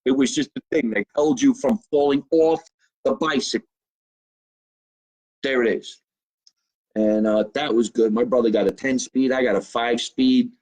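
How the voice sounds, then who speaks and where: A middle-aged man with a New Jersey accent talks casually and profanely from his basement. He rambles and jokes straight to his viewers in an easy, mid-pitched voice. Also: normal speed, long pauses, darkish tone, low-quality recording. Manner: loose, profane, joking to viewers. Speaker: comedian host. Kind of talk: casual live-stream chat. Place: home basement.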